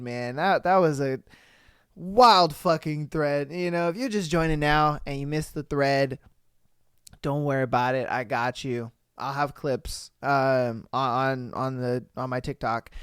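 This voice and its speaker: Young male podcast host, casual and profane, animated, dry close mic. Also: a little high, clean tone, dry recording. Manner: animated, profane, laughs a lot. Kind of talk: casual live-stream chat.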